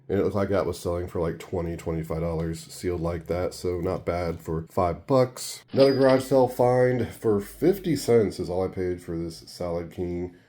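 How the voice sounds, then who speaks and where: A man talking through his thrift and garage sale finds in a casual, monotone way, with dry sarcasm. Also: low voice. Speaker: reseller vlogger. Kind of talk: casual haul rundown.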